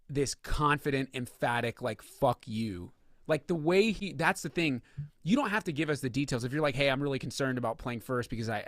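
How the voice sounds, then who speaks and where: A man's voice: mid-range voice, fairly bright tone, no room sound, studio quality. A man co-hosting a podcast, chatting casually about sports, emphatic and full of swearing, often acting out what others said. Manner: profane, emphatic, acts out quotes. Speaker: podcast co-host.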